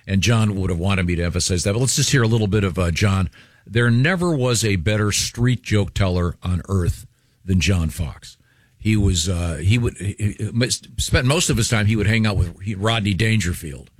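Low-voiced folksy male host. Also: moderate pace, no echo, studio quality. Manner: folksy, rambling with fillers. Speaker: radio host. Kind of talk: casual studio chat.

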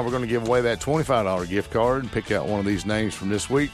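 A man's voice: medium pitch, fast talker, hardly any pauses, faint music behind. A male local radio host chatting in a folksy, rambling way, full of fillers and restarts. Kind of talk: casual local radio chat. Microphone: studio microphone.

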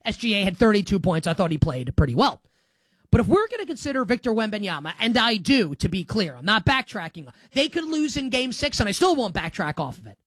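A man's voice: sits high, very animated, brisk, a bit bright, no echo. A man hosting a sports talk show, giving opinionated commentary in an emphatic, sarcastic way.

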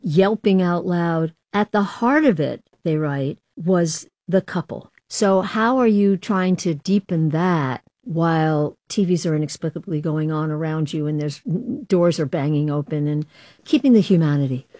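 A woman hosting an interview, asking lively, animated questions and laughing along with her guests. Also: sits low, a little slow, no echo, studio quality. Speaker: interviewer host. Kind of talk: radio interview.

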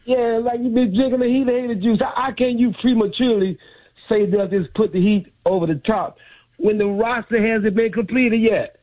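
A man calling from Miami who challenges the host, hesitating as he searches for words. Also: high voice. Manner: challenging, halting. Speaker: caller. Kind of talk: argumentative sports call-in. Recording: tinny phone line.

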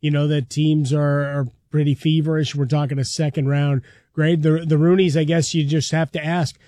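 A man's voice: fairly high pitch, little pitch movement, moderate pace, dark tone, no room sound, clean studio sound. A man co-hosting a sports talk radio show, musing aloud in a thoughtful, hesitant way. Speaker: radio co-host.

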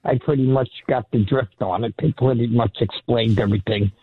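Husky caller on a tinny phone line. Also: male voice, medium pitch, steady tone, brisk, no echo. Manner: meandering, hesitant, friendly.

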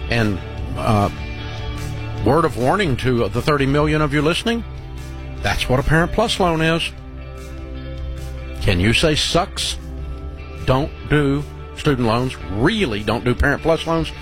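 A man hosting a call-in advice show, blunt and emphatic, dropping low and slow when he lays down firm advice. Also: lively intonation, faint music behind. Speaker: radio call-in show host. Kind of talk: advice talk show and read ad.

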